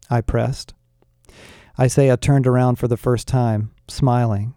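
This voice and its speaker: Male narrator, wry storyteller, very dark mellow tone, dry close read. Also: mid-range voice, steady tone, takes it slowly, no room sound. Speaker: audiobook narrator. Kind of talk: scripted narration.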